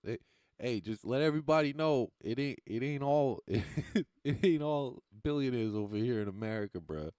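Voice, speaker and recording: This man's mid-range voice is slightly mellow, with lively intonation and a moderate pace, captured at studio quality with no room sound. He does stand-up and chats casually with livestream viewers, rambling and swearing loosely and often laughing at his own jokes.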